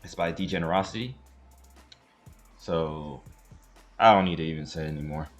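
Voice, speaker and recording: A man's voice: a bass voice, normal speed, soft background music. A man hosting a reaction video, chatting casually and emphatically as he comments on a clip. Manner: animated, emphatic, laughs along.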